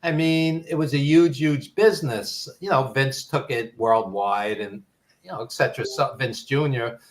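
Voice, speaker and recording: An older man from New York, with a Brooklyn accent, rambles through nostalgic stories as a podcast guest, dropping lots of ums. His voice is mid-range at a normal speed, and there's a little hiss or hum on the recording.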